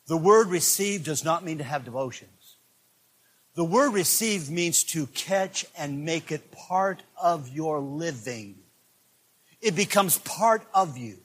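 A man preaching a sermon as pastor, animated, joking with the congregation and shouting with excitement. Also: fairly high pitch, slightly rough.

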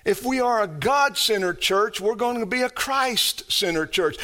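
A man preaching a sermon as pastor, emphatic and repetitive, building his phrases up to shouts. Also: sits high, animated, normal speed, hardly any pauses.

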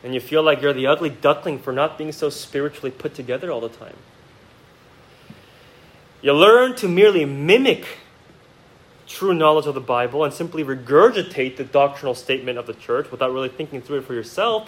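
A male pastor preaching a sermon to his congregation in a church. He talks to them directly with rhetorical questions and swings from quiet, reflective asides to emphatic outbursts. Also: mid-range voice, poor audio. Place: church sanctuary.

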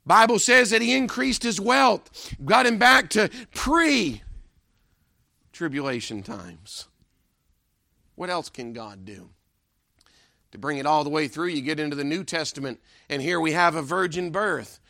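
Male preacher, high gravelly voice, dry close sound, emphatic rhetorical sermon delivery with a repeated refrain. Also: lively intonation, a little slow, pushed and bright, dry recording.

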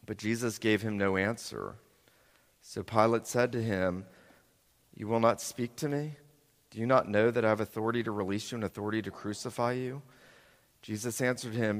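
A man's voice: medium pitch, a bit bright. A male pastor reading scripture aloud and preaching a sermon, giving the quoted lines dramatic emphasis. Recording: long hall reverb.

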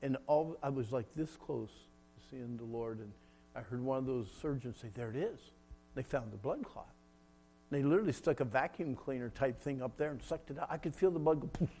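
A middle-aged man preaching a sermon, telling a personal story with shifts between loud, laughing moments and hushed, solemn ones. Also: medium pitch, normal speed, slight background noise.

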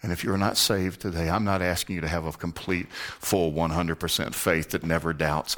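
A man preaching an earnest sermon in a low, deep voice. He leans into his points and drops almost to a whisper when he wants them to land. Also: fairly even intonation, normal speed, few pauses. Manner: earnest, drops to a hushed near-whisper for emphasis.

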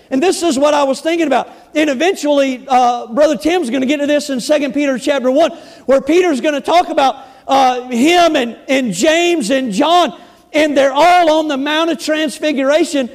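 A pastor preaching a sermon, emphatic, repeating words and stressing key phrases slowly and loudly. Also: male voice, very high voice. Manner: emphatic, repeats words, shifts between loud bursts and slow stresses.

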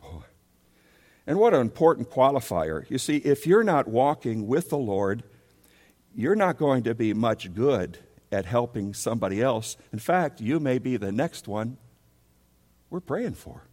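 A man's voice: medium pitch, very animated, measured pace, darkish tone. A male pastor preaching a sermon, emphatic, and he keeps rising into pleading questions. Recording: long hall reverb.

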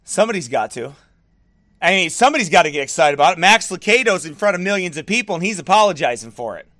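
A middle-aged man, a pastor, ranting in fiery preaching style with shouted bursts and mocking asides. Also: sits high, sing-song, fast. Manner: fired-up, shouting bursts, mocking soft baby talk.

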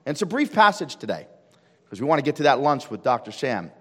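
A man preaching a sermon as pastor, emphatic and full of rhetorical questions, building to loud fervor in a church. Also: medium pitch, big pitch swings, fast, breathy edge, in a large hall. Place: church sanctuary with congregation.

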